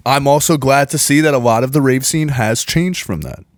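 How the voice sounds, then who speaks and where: A man's voice: mid-range voice, no echo, clean studio sound. A man in his twenties from Baltimore, a podcast guest talking bluntly and profanely in casual chat. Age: 20s. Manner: blunt and profane, quick asides. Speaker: podcast guest, music producer.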